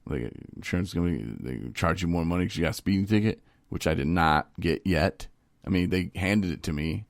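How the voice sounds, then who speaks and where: A man with a deep, gravelly voice chats casually on a podcast. He talks in a rambling way and laughs as he tells his stories. The sound is close and dry. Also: fairly quick, no echo. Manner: rambling, laughing storyteller acting out phone calls. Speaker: podcast co-host. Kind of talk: casual chat.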